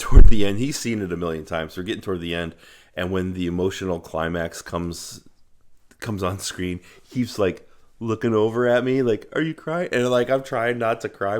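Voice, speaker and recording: A man talking about books on his video channel in a reflective, earnest way, pausing often with ums. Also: deep voice. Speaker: book vlogger. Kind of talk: casual book review monologue.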